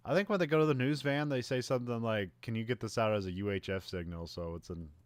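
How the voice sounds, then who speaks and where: A man's voice: mid-range voice, fast, clear, resonant tone, no room sound, studio quality. A man co-hosting a podcast, casually recapping a movie, laughing often and rambling with lots of fillers. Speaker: podcast co-host.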